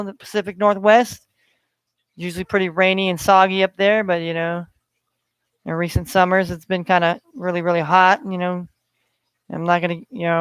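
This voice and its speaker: A man's voice: high-pitched, clear, resonant tone, no echo. A man hosting a solo sports betting podcast, talking in a rambling way with many fillers. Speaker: podcast host.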